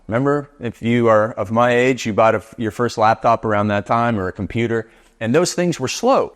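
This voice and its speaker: A middle-aged man, a business coach, giving an emphatic motivational talk full of repeated rhetorical questions. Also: mid-range voice.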